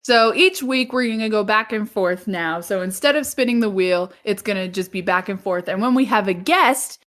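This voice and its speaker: A woman's voice: medium pitch, moderate pace, a bit bright. A woman co-hosting a movie podcast, chatting casually, often groaning and laughing. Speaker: podcast co-host.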